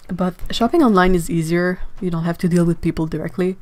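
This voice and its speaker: A woman's voice: on the low side, fairly even intonation, fairly quick, few pauses, darkish tone. A woman chatting casually on an art livestream, sleepy, rambling, laughing often and restarting her sentences. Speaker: artist livestreaming. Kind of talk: casual livestream chat, reading comments.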